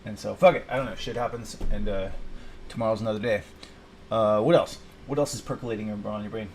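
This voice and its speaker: A man's voice: on the low side, a little fast, a little hiss or hum. Frustrated man venting to himself. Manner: frustrated, swearing, talks to himself. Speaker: vlogger. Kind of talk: rambling personal vent.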